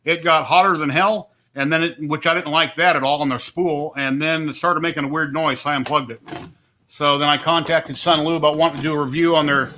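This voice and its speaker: A man's voice: on the high side, steady tone, brisk, bright, forceful tone, a little hiss or hum. A middle-aged man chatting casually and rambling on a home live stream, easygoing and talkative. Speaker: livestream host.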